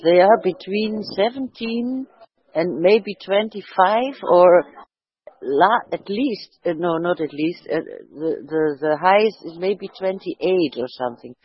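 A woman's voice: fairly low pitch, expressive, measured pace, slightly rough. Hesitant curious woman on a dull line. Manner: hesitant, repeats words, curious questions. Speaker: chat participant. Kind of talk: casual conversation.

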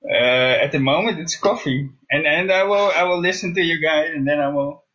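A male caller speaks haltingly, hunting for words between fillers. His voice sits a little high and comes through a dull, lo-fi line. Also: a bit bright. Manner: hesitant, halting, many fillers.

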